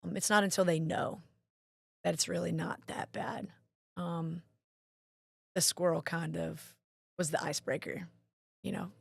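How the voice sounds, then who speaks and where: A woman's voice: on the low side, fairly even intonation, a little slow, gravelly, long pauses, husky, no echo. A woman, a National Guard marketing director telling stories as an interview guest. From Mississippi. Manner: chatty storyteller, acts out quoted voices. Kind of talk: casual interview chat.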